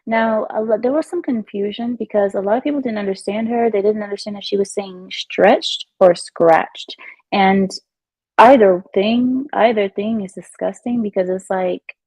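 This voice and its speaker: A woman's voice: medium pitch, fairly even intonation, normal speed, a little mellow, slightly rough, no room sound, low-quality recording. A woman giving chatty, emphatic commentary on her vlog at home. She often repeats herself and laughs. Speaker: vlogger. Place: at home in her new house.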